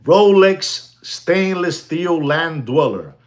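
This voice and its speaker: A middle-aged man giving casual, animated commentary on the watch market, peppering his talk with "you know" and the odd Spanish phrase. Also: a little high, slow. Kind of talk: casual talking-to-camera commentary.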